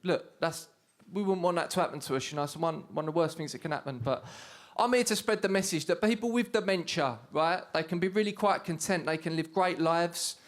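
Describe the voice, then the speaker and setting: On a comedy studio stage before a live audience, a young Englishman with an Essex accent performs stand-up. His voice runs on the high side and a little fast as he tells cheeky stories with punchlines, shouting put-on voices along the way.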